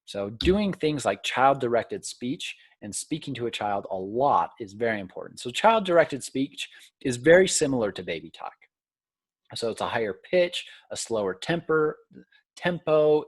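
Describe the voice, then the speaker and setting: A man's voice: medium pitch, big pitch swings, a little slow, no echo. A man teaching as a college instructor in a recorded video lecture, casual and self-deprecating, with filler ums.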